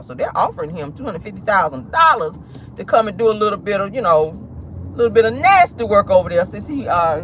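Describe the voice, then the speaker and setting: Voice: medium pitch, fairly bright tone. A gossip channel host chatting sassily while driving, swearing freely and calling viewers honey and y'all. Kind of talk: casual celebrity gossip chat. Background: faint road and car noise.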